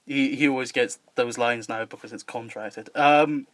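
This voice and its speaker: A man's voice: medium pitch, steady tone, moderate pace, a bit bright, dry recording. A man hosting a podcast in casual chat, rambling and joking with lots of fillers and laughs. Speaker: podcast host and filmmaker.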